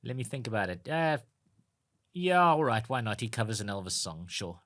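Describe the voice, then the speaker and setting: A man's voice: mid-range voice, very animated, normal speed, a bit bright. A man co-hosting a podcast, chatting with wry, mock-outraged teasing. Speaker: podcast co-host. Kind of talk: casual chat.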